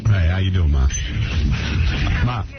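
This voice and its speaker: A man doing a comic radio bit with lively, joking banter. His pitch rises and falls a lot, loud music plays behind him, and the broadcast sounds dull. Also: unhurried. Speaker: radio show regular.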